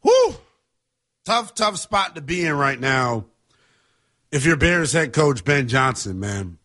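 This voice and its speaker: Sports talk host, male, husky voice, emphatic and heated. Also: mid-range voice, lively intonation, unhurried, sharp tone. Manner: passionate, emphatic, conversational.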